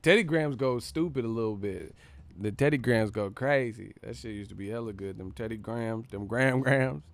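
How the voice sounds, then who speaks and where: A man's voice: medium pitch, a little fast, creaky. A man hosting a live stream, chatting in a loose, profane, joking way and laughing often. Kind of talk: casual live-stream chat. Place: streaming setup with several cameras.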